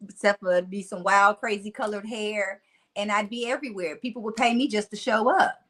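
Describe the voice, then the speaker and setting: A middle-aged woman with a Mississippi accent and a country twang, a motivational speaker chatting as a guest, animated and laughing often. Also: mid-range voice, a little fast. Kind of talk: casual storytelling interview.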